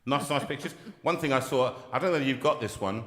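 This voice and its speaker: A man hosts a casual live chat, rambling and restarting as he goes, often laughing mid-sentence. His voice is bright and forceful. The sound is roomy, with a long reverb tail. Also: medium pitch, fast talker. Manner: chatty, restarts often, laughs while talking. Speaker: host.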